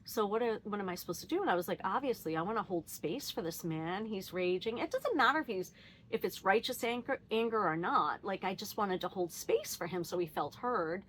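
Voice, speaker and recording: Woman vlogger, mid-pitched, candid and reflective, lots of self-quoting asides. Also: a little fast, slight background noise. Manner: candid and animated, laughs often, quotes herself; frequent fillers and restarts, thinking aloud. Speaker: vlogger sharing personal reflections. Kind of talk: casual reflective monologue.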